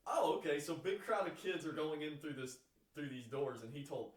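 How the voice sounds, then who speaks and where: A man's voice: a little high, normal speed, recorded from a distance. Young man rambling off-mic in an echoey room. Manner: relaxed, rambling, with restarts. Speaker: podcast co-host. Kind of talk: casual storytelling.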